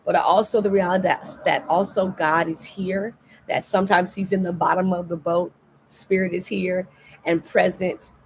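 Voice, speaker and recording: A woman's voice: on the low side, level tone, normal speed, a little hiss or hum. A middle-aged woman pastor giving a livestreamed devotional sermon, earnest and repeating key phrases for emphasis. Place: indoors, recorded for a livestream.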